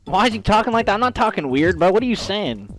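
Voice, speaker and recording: A young man streaming a video game, loud and profane, trash-talking and yelling at his teammate. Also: sits high, sing-song, fast talker, over music. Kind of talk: casual gaming stream chat.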